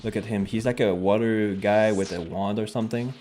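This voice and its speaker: Guy streaming, casual chat, swears a lot, kinda low voice. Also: brisk, a little hiss or hum. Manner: animated, joking, swears casually.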